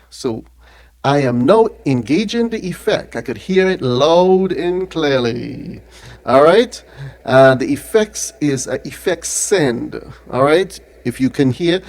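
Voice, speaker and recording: A man's voice: on the high side, a little mellow. A man reviewing an audio mixer in a casual hands-on demo, talking into a studio mic run through the unit and checking in with the viewer after nearly every phrase. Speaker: product reviewer. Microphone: speaking into a studio mic run through the mixer being tested.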